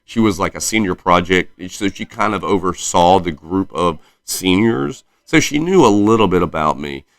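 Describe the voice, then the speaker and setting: Deep-voiced Southern man, rambling podcast chat. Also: lively intonation, moderate pace, fairly bright tone, no echo, clean studio sound. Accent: slight Southern US twang. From South Carolina. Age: 30s. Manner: rambling, self-correcting storyteller. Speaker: podcast host. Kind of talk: casual solo podcast chat.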